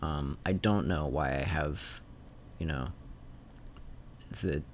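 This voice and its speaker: Sketching on a stream, a man thinks out loud in a very deep, slow voice, trailing off and starting over with a faint Canadian-sounding North Idaho accent. It's a rambling drawing session picked up on a desk mic with a little hiss or hum.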